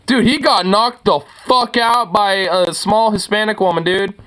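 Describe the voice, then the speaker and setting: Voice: medium pitch, unhurried, a bit bright. A streamer giving casual, profane reaction commentary on viral clips, rambling with lots of filler words and mocking laughter. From United States.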